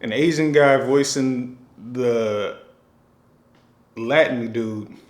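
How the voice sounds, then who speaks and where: A man's voice: mid-range voice, extremely slow. Rambling man in an echoey room. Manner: rambling, with many fillers and restarts. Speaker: film director. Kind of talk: casual thinking-aloud monologue.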